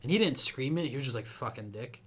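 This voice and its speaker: A young man co-hosting a podcast, swearing a lot and telling stories with loud acted-out lines. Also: mid-range voice, racing, slightly rough. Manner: crude, swearing, animated storytelling; acts out angry people with a raised voice. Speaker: podcast co-host. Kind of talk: casual chat.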